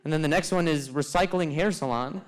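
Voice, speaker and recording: Guy doing standup crowd work, kinda high voice, stammers and restarts a lot, faint crowd noise in the club. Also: fairly quick. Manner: riffing, playful, mock-exasperated, stammering restarts. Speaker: stand-up comedian. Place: comedy club stage with live audience.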